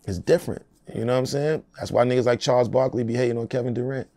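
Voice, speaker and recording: Gravelly streetwise rapper in his forties. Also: medium pitch, fast talker, mellow, dry recording. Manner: streetwise, profane, keeps saying "you know what I'm saying". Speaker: rapper being interviewed. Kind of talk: casual interview talk.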